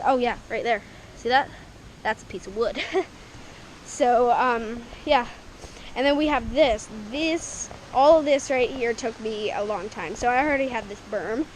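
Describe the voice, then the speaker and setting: Talking to an action camera, a woman from Canada gives a casual walkthrough of her backyard dirt bike track, a homemade one, while rambling, chatting, and giggling often outdoors. Her voice is on the high side, with slight background noise in a low-quality recording.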